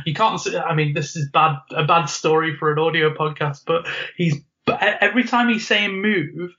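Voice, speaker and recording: A man co-hosting a casual podcast tells a school story with a slightly high voice and an animated delivery, often laughing and acting out what others said. The recording sounds muffled and lo-fi. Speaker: podcast co-host.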